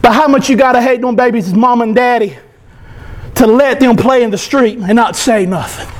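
A male pastor preaching an impassioned sermon, often breaking into shouts. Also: very high-pitched, moderate pace. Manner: impassioned, fervent, bursts into shouting.

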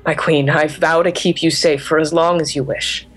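A woman's voice: low voice, little pitch movement, moderate pace, breathy edge. Meek, devoted male bee-man guard from a storybook, as a woman reader voices him. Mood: humble. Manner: deferential, quiet. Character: loyal young male bee-man bodyguard, humble.

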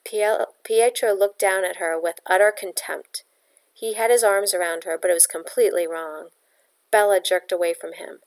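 A woman reading a novel aloud in a steady, plain storytelling voice. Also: lowish voice, moderate pace. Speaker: audiobook reader.

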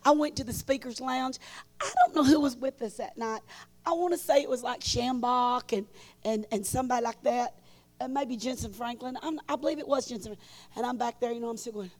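A woman telling stories in a sermon at a conference, shifting between loud bursts and hushed asides. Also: on the high side, brisk. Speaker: conference speaker. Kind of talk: storytelling sermon. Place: large conference hall.

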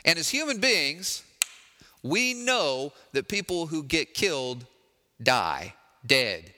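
Bright-voiced man preaching in a hall. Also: on the high side, big pitch swings, takes it slowly, slight background noise. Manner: conversational, wry, acts out quoted lines. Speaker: pastor. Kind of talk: sermon.

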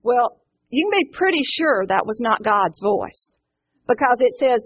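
A higher-pitched woman with a husky, breathy voice and a lilt teaches a Bible study group. She is earnest and encouraging and keeps asking the room questions. The recording sounds dull and lo-fi. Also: very animated, unhurried, no room sound. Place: indoor room with a live group.

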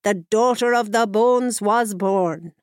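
A woman voicing an ancient, stern female winter hag from a storybook, speaking slowly and gravely. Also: high voice, dry recording, studio quality, voice pushed up. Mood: sad, ancient. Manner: slow, commanding and grave.

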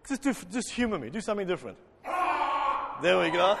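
A man preaching an interactive sermon as pastor, lively and joking with the congregation, acting out voices. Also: sits high, moderate pace, gravelly, long pauses, a little hiss or hum. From South Africa. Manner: animated, acts out voices, jokes with congregation. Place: church hall. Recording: long hall reverb.

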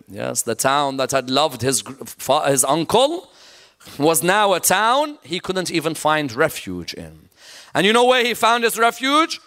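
A man's voice: a little high, very animated, unhurried, pushed and bright. A man preaching a sermon in a mosque, telling a mournful story with passion and often asking the audience "yes?". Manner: mournful, impassioned narration with repeated "yes?" to the audience.

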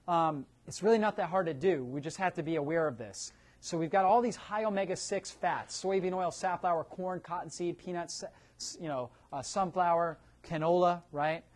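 Man lecturing a room, tagging "right?". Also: high-pitched. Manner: keeps checking in with a tag "right?"; quizzes the audience with questions. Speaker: nutrition seminar presenter. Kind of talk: live seminar talk to an audience. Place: room with a live audience.

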